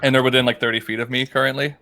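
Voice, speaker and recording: A man's voice: medium pitch, little pitch movement, rapid-fire, pushed and bright. A man playing a tabletop game, talking through his turn with a lot of hesitation. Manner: hesitant, lots of ums while deciding. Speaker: player. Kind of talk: casual tabletop game talk.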